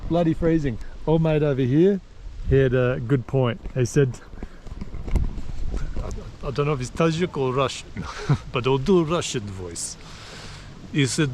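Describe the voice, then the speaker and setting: A man's voice: medium pitch, slow pace, pauses often, darkish tone. Aussie guy chatting to camera by a lake, jokey and self-mocking, faint outdoor hum behind. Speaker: travel vlogger. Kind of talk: casual travel vlog.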